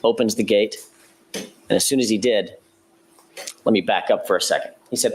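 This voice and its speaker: A prosecutor with a fairly low-pitched voice gives his courtroom opening statement, methodically and measuredly walking through events. He corrects himself now and then, and there's a little hiss or hum in the recording.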